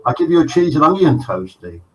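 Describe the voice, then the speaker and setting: A man's voice: fairly high pitch, sing-song, a little fast, fairly bright tone, pitched above the performer's own voice. A man voicing a pub barman inside a joke, in his own plain voice, heard from a distant mic. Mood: reassuring. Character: worried male pub barman.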